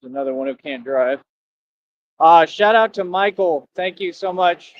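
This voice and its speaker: Rambling man streaming outdoors, higher voice. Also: animated, normal speed. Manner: rambling, repeats himself, preachy. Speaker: livestreamer asking for donations. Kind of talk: casual rambling livestream talk. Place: outdoors near a street with traffic. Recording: dull lo-fi stream audio.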